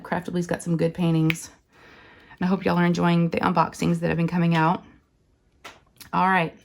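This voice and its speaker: Hoarse, raspy woman chatting. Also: lowish voice. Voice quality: raspy, scratchy. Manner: rambling and chatty, full of fillers, says y'all. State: hoarse from illness. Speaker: crafting channel host. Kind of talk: casual chat while diamond painting.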